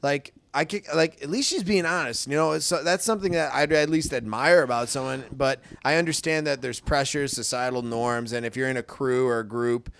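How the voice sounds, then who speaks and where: A man's voice: medium pitch, brisk, creaky, hardly any pauses, a bit bright. A man co-hosting a podcast, rambling casually about a film with many fillers and curse words. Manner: rambling, filler-heavy, profane. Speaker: podcast co-host. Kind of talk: casual movie review chat.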